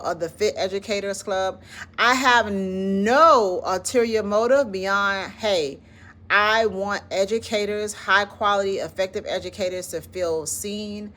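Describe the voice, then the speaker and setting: A woman from the American South with a clear Southern accent, speaking in an easygoing, encouraging way. She leads a slow breathing count and talks about self-care like she's chatting with friends, with "listen" and "like" sprinkled through. Her pitch sits in a normal middle range for a woman. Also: fairly bright tone. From Southern United States. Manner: encouraging, conversational, drops in "listen" and "like". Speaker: founder of an educators' wellness club. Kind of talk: casual self-care talk with guided breathing.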